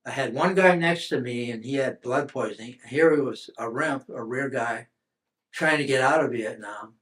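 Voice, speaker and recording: A man's voice: medium pitch, moderate pace, a bit bright. An older man from the United States, a veteran telling his story in an oral history interview, rambling with many restarts and fillers.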